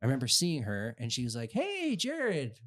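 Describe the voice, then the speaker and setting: A man's voice: medium pitch, quick pace, a bit bright. Rambling, profane podcast co-host man. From Utah, USA. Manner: rambling, profane, full of fillers and voiced quotes. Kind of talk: casual storytelling chat.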